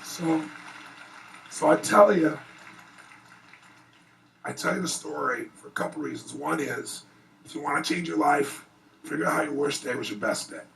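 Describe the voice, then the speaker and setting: Gravelly man telling an earnest story. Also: fairly high pitch, moderate pace, pauses often, recorded from a distance, a little hiss or hum, rough recording. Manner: earnest, animated, rising excitement in retellings. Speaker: motivational speaker. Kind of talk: emotional personal storytelling speech. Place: private event before an audience.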